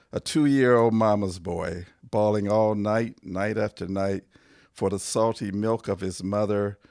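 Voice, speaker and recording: A man, a poet, reading his own poems aloud in a measured, deliberate way, pausing between phrases, his voice going hoarse. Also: on the low side, darkish tone, dry recording, studio quality. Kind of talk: poetry reading.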